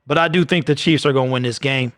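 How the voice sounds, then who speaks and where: A man's voice: medium pitch, quick pace, fairly bright tone, dry recording, studio quality. A man hosting a live football watch party stream, chatting casually and joking with viewers. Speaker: sports watch party host.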